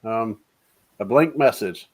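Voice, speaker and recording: A man hosting a casual interview chat, relaxed and teasing, laughing easily at his guest's answers. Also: on the low side, slow. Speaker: host.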